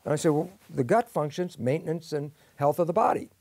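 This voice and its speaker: Lively man explaining with acted dialogue. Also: on the high side, brisk, vocal fry, no room sound. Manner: lively, acts out both sides of imagined dialogues. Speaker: guest scientist. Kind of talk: explanatory interview talk.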